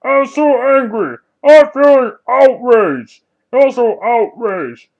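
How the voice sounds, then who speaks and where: A man's voice: extremely high pitch, animated, slow pace, creaky, highs cut off, exaggerated voice. A man voicing an impatient male watermelon in a homemade puppet story, whining and repeating himself. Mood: angry. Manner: whiny, repeats phrases over and over.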